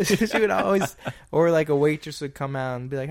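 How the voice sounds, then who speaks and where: A young man co-hosting a podcast, telling a story in a fast, excitable, breathless way. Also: on the high side, gravelly. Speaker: podcast co-host. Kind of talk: casual chat. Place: indoor room.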